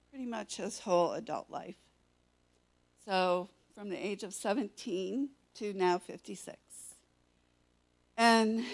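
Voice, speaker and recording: An older woman in her sixties speaks slowly, pausing often. She shares a personal church testimony in a hesitant, thoughtful way. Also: mid-range voice. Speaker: church member sharing a testimony.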